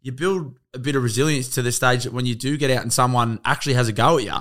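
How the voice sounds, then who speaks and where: Aussie bloke co-host, relaxed, matey, profane. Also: male voice, mid-range voice, fast talker. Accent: Australian. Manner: laid-back, matey, swearing. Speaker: podcast co-host. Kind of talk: casual podcast chat.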